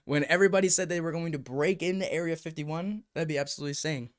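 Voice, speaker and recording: A young man from the United States chatting on a live stream, excitable and rambling as he talks to his viewers. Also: on the high side, fast. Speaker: YouTube VR streamer. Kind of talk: casual live-stream chat.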